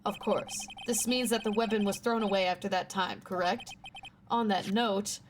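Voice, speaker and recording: A woman voicing a calm, proud male lawyer from a courtroom game in a measured, even read. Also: mid-range voice, a little hiss or hum, lightly acted.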